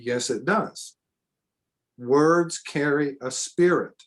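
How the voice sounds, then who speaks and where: A man's voice: a little high, unhurried. A middle-aged man teaching a church seminar in an earnest way, repeating himself for emphasis and adding spontaneous asides. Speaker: preacher.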